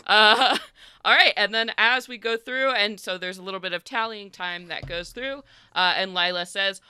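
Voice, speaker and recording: A young woman runs a tabletop game in a bright, crisp voice, chatty and giggly, with lots of little fillers. Her pitch rides high and lively. The sound is close and dry. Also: moderate pace, no room sound. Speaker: game master.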